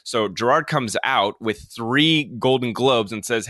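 A man's voice: mid-range voice, a little slow, few pauses, pushed and bright, dry recording, studio quality. A man co-hosting a casual chat show, recapping award show moments in a rambling way. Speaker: co-host.

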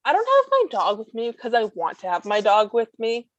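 A woman guest talking casually about life with her service dog, blunt and sarcastic with quick asides. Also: a little high, wildly swooping pitch, no room sound, muffled recording. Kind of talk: casual chat.

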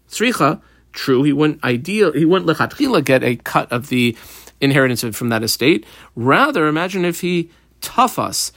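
A man teaching a Talmud lesson, explaining Aramaic phrases in casual English with a lively, conversational manner. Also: a little high, dry recording, clean studio sound.

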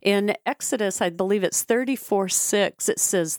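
Middle-aged woman, podcast co-host, measured and supportive, dry close mic. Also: medium pitch, dry recording. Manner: supportive, measured, quotes scripture. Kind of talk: casual conversational podcast.

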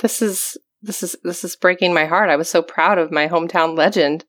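A woman guest on a casual beer podcast, chatty and quick to laugh. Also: lowish voice, a bit bright. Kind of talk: casual chat.

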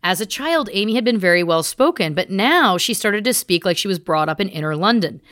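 A woman's voice: mid-range voice, lively intonation, a little fast, fairly bright tone, no room sound, clean studio sound. A woman podcast host recounting research in a chatty, casual way, full of asides. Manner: chatty, speaks in asides and restarts. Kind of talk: casual storytelling chat.

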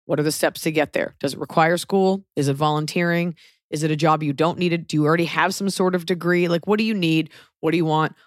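A woman co-hosting a casual podcast, giving advice in quick, joking rapid-fire questions. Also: low voice, fairly even intonation, no echo, clean studio sound. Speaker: podcast co-host.

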